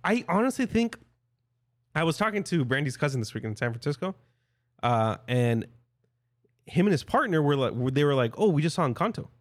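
Agreeable young man, lively higher voice. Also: no room sound, clean studio sound. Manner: agreeable, quick to laugh, chimes in. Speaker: podcast co-host. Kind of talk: casual chat.

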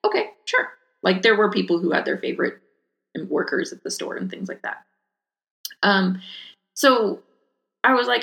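A woman's voice: medium pitch, a little slow, creaky, pauses often, fairly bright tone. A woman hosting a podcast, telling a story in a casual, chatty way and acting out the voices of the customers in it. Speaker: podcast host.

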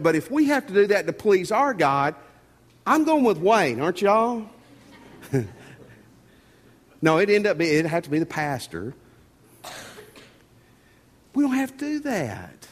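Animated pastor in an echoing hall. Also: male voice, on the high side. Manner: folksy, animated preaching with repeated words. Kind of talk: sermon. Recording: long reverb of a church hall.

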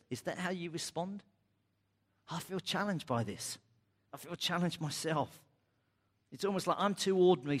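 A middle-aged man preaching a sermon, animated, acting out the voices of the people he quotes. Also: normal speed, long pauses, long reverb tail. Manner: animated, acts out quoted voices with big pitch jumps. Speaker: pastor.

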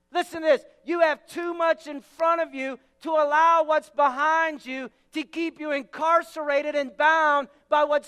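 Pastor guy preaching loud, really high voice, big echoey church hall. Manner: emphatic preaching, repeating words, shouting key phrases. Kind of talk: sermon.

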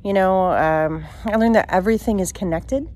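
Halting, emotional woman telling her story. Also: mid-range voice, a little mellow. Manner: halting, filler-heavy, emotional retelling. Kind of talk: personal storytelling.

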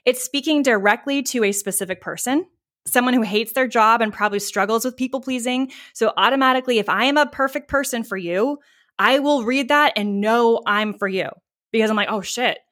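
A woman hosting her own marketing podcast, talking casually and candidly. She sounds chatty and relaxed, drops the odd swear word, and acts out client reactions as she explains. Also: a little high, a little fast. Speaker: podcast host, marketing coach. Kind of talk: casual solo podcast teaching.

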